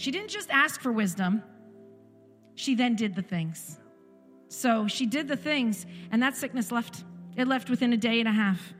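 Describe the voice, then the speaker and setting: A woman's voice: sits high, animated, normal speed. A woman in her forties giving an emphatic sermon testimony in a church service, repeating phrases for effect. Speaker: guest speaker in a church service. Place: church sanctuary. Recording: echoey church hall with music.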